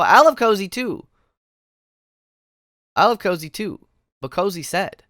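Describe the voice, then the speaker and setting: A man's voice: high voice, animated, slow, pauses often, sharp tone, dry recording, studio quality. A man streaming a courtroom video game, in playful, goofy casual commentary as he reacts to his chat.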